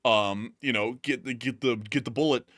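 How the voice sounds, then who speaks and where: A man's voice: mid-range voice, moderate pace, fairly bright tone, dry recording, clean studio sound. A man hosting a casual livestream news show, answering viewer questions in a rambling way full of fillers and restarts.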